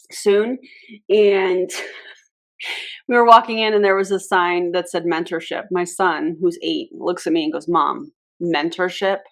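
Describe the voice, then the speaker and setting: A woman's voice: fairly low pitch, creaky. Sarcastic woman laughing through reaction commentary. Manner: sarcastic, laughs often, frank asides. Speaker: channel host reacting to an old clip.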